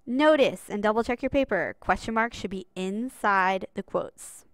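A woman's voice: medium pitch, moderate pace, no echo. A woman teaching a recorded writing lesson over slides, in a chatty, upbeat way and talking straight to her students.

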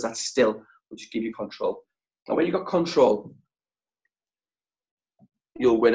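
Male sales trainer on a video call; emphatic, short punchy lines, deliberate pauses, mid-range voice. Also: mid-range voice, poor audio. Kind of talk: motivational training talk.

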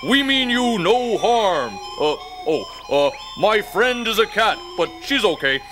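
A man's voice: high-pitched, a little slow, music in the background. A man voicing an eager, goofy male puppet dog who gasps and stumbles over his ideas in a children's TV puppet show. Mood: excited. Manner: excitable, bumbling, gasping.

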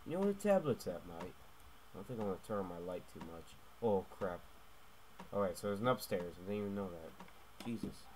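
A young man playing a stealth game and commenting as he goes, jumping between hushed muttering and loud yelps and tacking "mate" onto his lines. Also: sits low, brisk, a little hiss or hum. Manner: excitable, swings from hushed muttering to yelling, keeps adding "mate". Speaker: gaming YouTuber. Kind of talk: let's play commentary.

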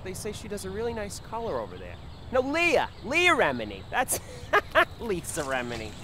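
A man's voice: high-pitched, huge pitch swings, moderate pace, sharp tone, slight background noise, full character voice. A man playing a brash, gossipy middle-aged mother who chatters on and snaps at others. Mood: chatty. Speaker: comic actor. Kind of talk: comedy sketch acting.

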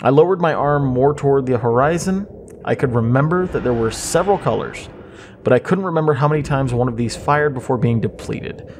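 A man narrating a horror story in a measured, suspenseful way. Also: mid-range voice, animated, darkish tone, slight background noise. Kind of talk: scripted creepypasta narration.

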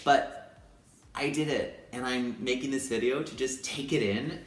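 Enthusiastic playful guy teacher vlogging, mid-pitched voice, roomy echo. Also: measured pace. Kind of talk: upbeat casual vlog talk. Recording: echoey room.

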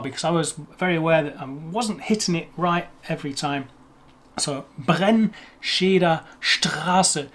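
A young man who hosts language videos chats casually about pronunciation in a somewhat high voice, relaxed and poking fun at himself. When he reaches tricky words he slows down to sound them out carefully, then carries on chatting.

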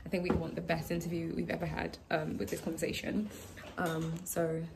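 A woman's voice: on the low side, level tone, fairly quick, creaky. Young woman, gushing slangy vlog chat, roomy echo, noisy background. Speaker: vlogger and interviewer. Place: at home, indoors. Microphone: phone camera. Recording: echoey room with background noise.

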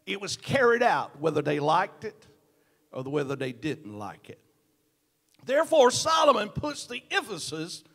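A man with a Southern US accent preaching a sermon in a church, swinging from quiet, prayerful lines up to loud, shouted declarations. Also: very high voice, creaky, in a large hall. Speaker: pastor. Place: church sanctuary.

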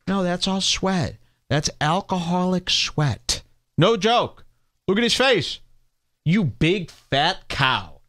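A man with a high, bright voice rants through a comedy podcast, swooping wildly up and down as he mocks and insults people in the clips he plays. His tone stays sarcastic and cutting throughout. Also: animated, slow. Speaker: podcast host. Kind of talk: ranting comedy commentary over clips.

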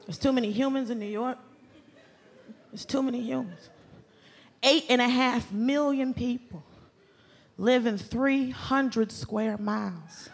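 A woman from the doing stand-up comedy, animated and exasperated, shouting her punchlines. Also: on the high side, a little slow, pauses often. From Southern US, Atlanta. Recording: club stage mic with loud crowd laughter. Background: audience laughter and ambience.

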